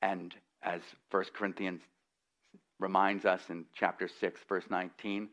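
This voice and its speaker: Man preaching, expository sermon, folksy asides, lowish voice, dull lo-fi recording. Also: a little slow, a bit bright.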